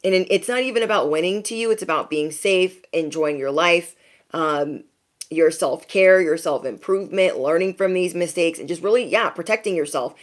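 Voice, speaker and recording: Sassy chatty woman reader, lower voice. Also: normal speed. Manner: chatty, sassy slang, asks "okay?" often. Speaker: intuitive reader addressing her audience. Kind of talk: casual motivational reading.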